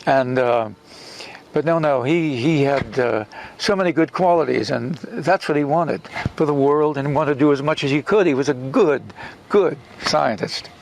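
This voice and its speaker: An older man, an actor being interviewed, telling anecdotes in an animated way with restarts and acted-out quotes. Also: a little high, moderate pace, gravelly, a little hiss or hum.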